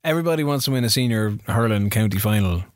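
A man's voice: on the low side, animated, fast, no echo, clean studio sound. A man co-hosting a casual podcast, bantering and teasing his partner. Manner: teasing, banter, reads lists aloud. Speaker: podcast co-host. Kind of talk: casual chat.

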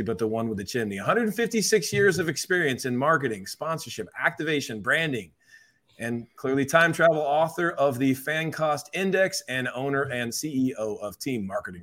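A man's voice: mid-range voice, fairly bright tone. Man hosting a joking sports podcast. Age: young adult. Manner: joking, teasing. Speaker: podcast host.

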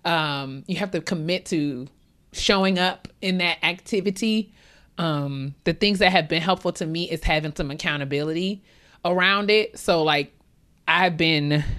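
A young woman co-hosting a podcast in a relaxed, candid way, rambling a little and falling into casual slang. Her voice sits somewhat low for a woman. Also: normal speed. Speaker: podcast co-host.

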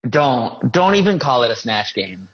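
A man's voice: medium pitch, sing-song, a little slow, dull audio, noisy background. A man co-hosting a podcast in casual chat, rambling and often restarting his sentences. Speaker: podcast co-host.

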